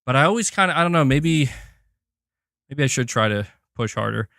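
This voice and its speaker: A young man hosting a casual live stream, excitedly thanking members and chatting while doing curls. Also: medium pitch, fairly quick, creaky, no room sound, clean studio sound. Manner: excitable, reads out member gifts, chats while exercising. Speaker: livestream host.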